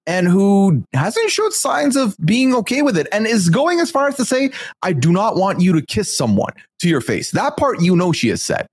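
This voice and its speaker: Lively-pitched man recapping, dry sound. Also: breathy edge, dry recording. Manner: measured, reflective, summarizing. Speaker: podcast host. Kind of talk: casual recap chat.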